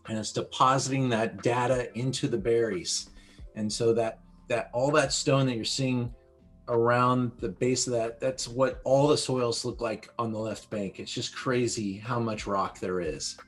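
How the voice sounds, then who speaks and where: A man hosting an online wine tasting, describing wines slowly in vivid imagery. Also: mid-range voice, fairly even intonation, faint music behind. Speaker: wine educator host.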